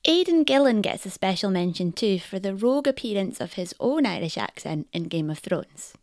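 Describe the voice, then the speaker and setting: Lively gravelly-voiced woman narrating. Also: medium pitch, normal speed, no echo, studio quality. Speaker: presenter. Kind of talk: scripted narration.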